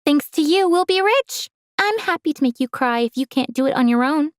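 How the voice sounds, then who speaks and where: A woman voicing a spiteful, jealous teenage girl cousin in a storytime narration, with a shrill, mocking manner. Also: lively intonation, brisk.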